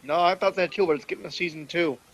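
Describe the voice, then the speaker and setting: A man's voice: sits high, fast talker, crowd noise, low-quality recording. A man co-hosting, talking sarcastically and swearing in casual chat. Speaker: podcast co-host.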